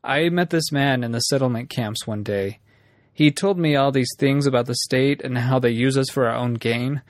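A man reading a story aloud, voicing a guilt-ridden young man who talks in a hurried, pleading way. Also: mid-range voice, no room sound, clean studio sound, close to an everyday voice. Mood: remorseful.

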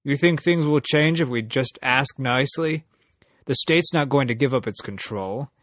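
A man's voice: medium pitch, normal speed, a bit bright, dry recording, natural voice. A man reading a story aloud, voicing a smug, fanatical male revolutionary who talks in a mocking, condescending way.

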